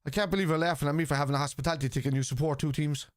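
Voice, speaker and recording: An Irish man hosting a live football watchalong, bluntly arguing with his chat, swearing freely and shouting at chances. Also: on the high side, fairly even intonation, racing, no echo, studio quality. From Ireland.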